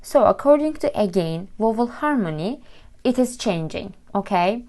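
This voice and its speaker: A woman with a Turkish accent, whose first language is Turkish, teaches a language lesson and patiently explains each step, repeating words slowly. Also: mid-range voice, lively intonation, darkish tone.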